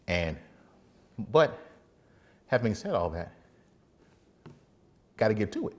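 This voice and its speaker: Husky, lively man giving a faith talk. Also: fairly low pitch, slow pace, long pauses. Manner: animated, laughs often, acts out little scenes. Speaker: defense attorney and faith speaker. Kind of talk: casual motivational faith talk.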